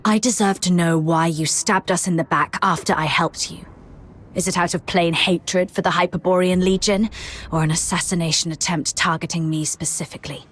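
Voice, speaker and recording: An actress voicing a young woman military officer in a video game, calm, guarded and direct. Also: lowish voice, normal speed, close to an everyday voice.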